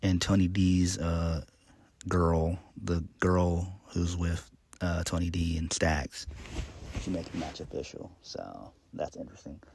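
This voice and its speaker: A man's voice: low voice, creaky, a little mellow, slight background noise. A man casually recapping a wrestling show, rambling with many ums and uhs in a laid-back way.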